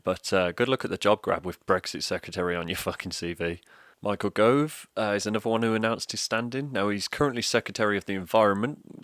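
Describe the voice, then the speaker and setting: A man delivering a scripted comedic political rant, sardonic and sweary with deadpan mockery. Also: low-pitched, dry recording, clean studio sound. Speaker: comedic ranter.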